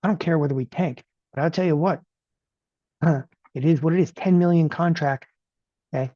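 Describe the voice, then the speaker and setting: Guy running a live trading webinar, says okay every other line, fast and punchy, kinda higher voice, dry muffled audio. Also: dry recording. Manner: animated, repeats "okay?" constantly, rapid-fire. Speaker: options trading educator.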